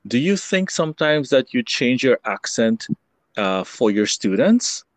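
A man interviewing a guest, asking questions slowly with lots of ums and uhs. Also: medium pitch, sing-song, no room sound. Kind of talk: conversational interview.

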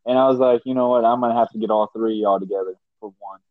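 A man hosting a casual podcast, telling stories with lively quoted voices. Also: fairly low pitch, racing, no room sound. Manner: animated storyteller, voices others in quotes. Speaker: podcast host. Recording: dry, dull lo-fi sound.

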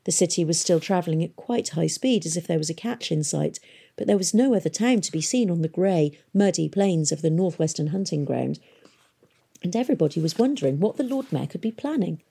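A woman narrating an audiobook in a steady, expressive storytelling manner. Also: lowish voice, brisk, gravelly, slightly rough.

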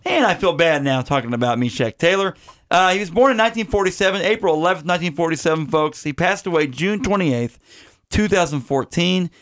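A man with a fairly high, expressive voice talks a little quickly, with a slightly bright tone. He hosts a comedy podcast about bad movies and chats loosely, rambling through the credits with jokes and plenty of filler words.

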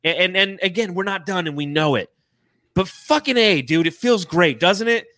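Podcast host, male, bright forceful voice, excited and profane, dry close mic. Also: sits high, normal speed, no room sound. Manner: excited, swears freely, reads donations aloud. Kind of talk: casual fan podcast chat.

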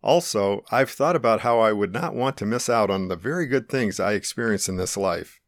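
Low-ish guy calmly telling his own story, earnest, reflective, very dry sound. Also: moderate pace, dry recording. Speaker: narrator. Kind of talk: first-person testimony narration.

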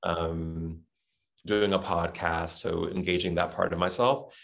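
A man's voice: deep voice, steady tone, a little slow, gravelly, a bit bright. A middle-aged man from Texas with a Southern accent, chatting reflectively as an interview guest with many fillers. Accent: Southern American. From Texas, USA. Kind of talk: casual interview chat.

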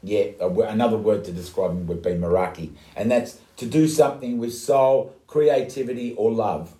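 A man's voice: lowish voice, moderate pace, roomy sound. A man with an Australian accent co-hosting a podcast, chatting casually and calling people mate. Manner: blokey, animated, says mate a lot. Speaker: podcast co-host. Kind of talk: casual chat.

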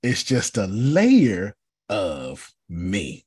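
A man, a bishop, giving an animated teaching talk on a video call, emphatic and repetitive, calling on listeners by name. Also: fairly low pitch, very slow, husky, no room sound. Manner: emphatic, repeats himself, calls on listeners by name.

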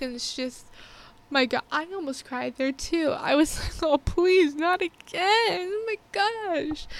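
In a casual review vlog, a high-voiced woman walks through a film as a movie reviewer. She comes across earnest and heartfelt, rambling and starting her thoughts over as she goes.

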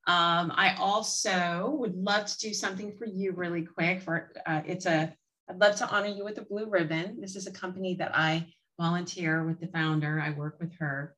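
A woman guest giving a heartfelt, slow and emphatic tribute to the host. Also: fairly low pitch, fairly even intonation, rough recording. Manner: warm, earnest, slow and emphatic. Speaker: author and guest.

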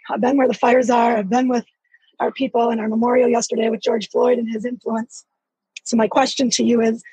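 A woman's voice: on the high side, mellow, breathy edge, dry recording, low-quality recording. An earnest, urgent woman asking a long, emphatic question in an online panel discussion. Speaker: caller.

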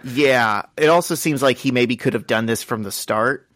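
A man in the middle of a chatty comic book recap, reading the dialogue from each panel aloud for his co-host. His voice sits at an ordinary pitch. It is recorded close and dry with no room sound. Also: moderate pace, a bit bright, dry recording. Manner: retells scenes, reading quoted lines aloud. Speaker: podcast co-host.

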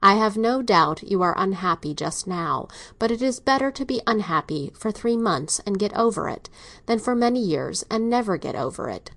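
A woman reading an audiobook, voicing a middle-aged doctor father who is domineering and speaks in a measured, dry, ironic way. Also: mid-range voice, animated, gravelly, a bit bright.

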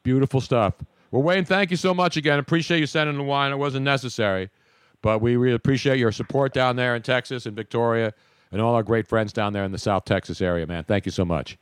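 A man's voice: mid-range voice, quick pace, clear, resonant tone, no echo, clean studio sound. Wisecracking male talk show host. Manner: chatty, wisecracking, rambling. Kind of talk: casual sports talk.

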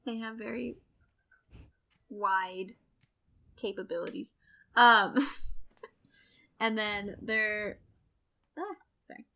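A woman's voice: medium pitch, drawn-out words, pauses often, sharp tone. An American woman co-hosting a casual educational podcast, reading from notes and laughing often. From United States. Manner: giggly, reads notes with frequent laughs. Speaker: co-host.

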